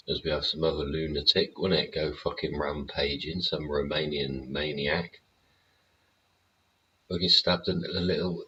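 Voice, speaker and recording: A man's voice: extremely low pitch, a bit bright, a little hiss or hum. A man hosting his show in a casual, rambling rant, swearing freely and tossing in tag questions. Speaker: show host. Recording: dull lo-fi recording.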